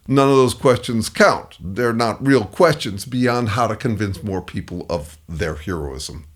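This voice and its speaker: A man's voice: on the low side, expressive, a little slow, few pauses. A middle-aged man giving scripted advice commentary, emphatic and acting out the replies he quotes. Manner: emphatic, acts out quoted replies in shifting voices. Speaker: consultant on dealing with difficult people.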